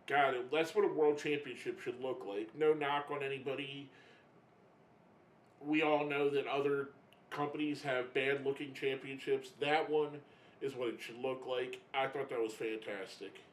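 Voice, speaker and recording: A man giving a casual spoken review, emotional and halting, often getting choked up and restarting his sentences. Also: mid-range voice, steady tone, echoey room, poor audio. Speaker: wrestling reviewer.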